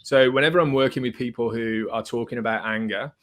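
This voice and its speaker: Male therapist guest, measured and explanatory, mid-range voice. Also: medium pitch. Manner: calm, methodical, explanatory. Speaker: psychotherapist guest. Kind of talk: explaining therapy concepts in conversation.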